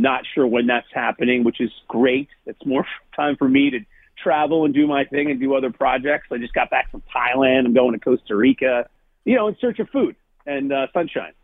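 A man's voice: mid-range voice, moderate pace, dry recording. A man from New Jersey, a food-challenge TV host, chatting as a guest on a call, chatty and self-deprecating, laughing often. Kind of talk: casual interview chat. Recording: tinny phone-line call.

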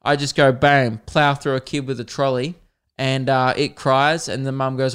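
A young man with an Australian accent, a podcast host telling a rambling, animated comic story and swearing often. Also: medium pitch, normal speed, clear, resonant tone. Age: young adult. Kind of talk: comedic storytelling.

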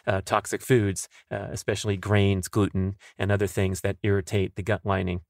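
A man's voice: on the low side, normal speed, gravelly, dry recording, clean studio sound. A man hosting a podcast, reading listener questions in a casual, upbeat way. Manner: upbeat, animated asides. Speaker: podcast host.

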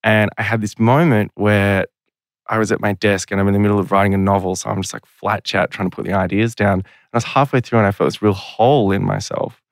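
A man's voice: lowish voice, little pitch movement, fast, vocal fry, no echo, studio quality. A man talking as a podcast guest, telling long stories in a rambling, self-deprecating way. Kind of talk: casual podcast interview.

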